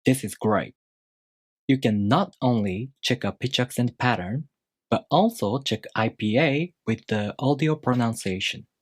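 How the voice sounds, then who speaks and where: Male tutor, mid-pitched, slightly husky, patient and orderly video-lesson delivery. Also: unhurried, dry recording, clean studio sound. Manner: calm, methodical explanations with spoken examples. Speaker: language teacher.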